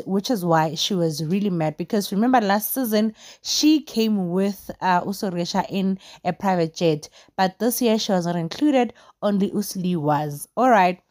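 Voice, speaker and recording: A young woman with a South African Zulu accent giving casual, opinionated commentary on a reality show, animated and gossipy and mixing English with Zulu. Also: medium pitch, dry recording, clean studio sound. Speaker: entertainment vlogger reviewing a reality show.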